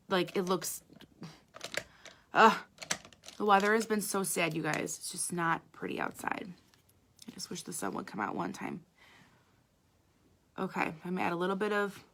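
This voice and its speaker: Bright, sharp-toned woman, mid-pitched, chatty makeup artist talking viewers through a live tutorial. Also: slight background noise. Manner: chatty, talks straight to viewers.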